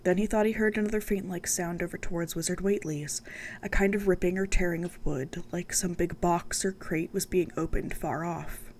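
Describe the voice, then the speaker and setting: A woman's voice: on the low side, steady tone, moderate pace, a little mellow, slight background noise, natural voice. A woman voicing a frightened rural housekeeper in a storybook reading, read plainly without a dialect. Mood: fearful.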